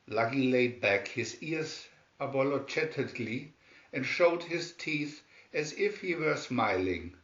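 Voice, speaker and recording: A man reading a children's storybook aloud in a slow, measured way. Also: mid-range voice, lively intonation, fairly bright tone. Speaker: storybook reader. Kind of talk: read-aloud storybook narration. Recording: roomy, dull lo-fi sound.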